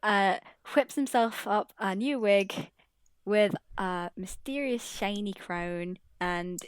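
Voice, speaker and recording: A woman's voice: medium pitch, slow, clean tone, no room sound. A woman playing in a tabletop game, giggly and theatrical as she plays her character. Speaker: player. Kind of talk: casual tabletop role-play.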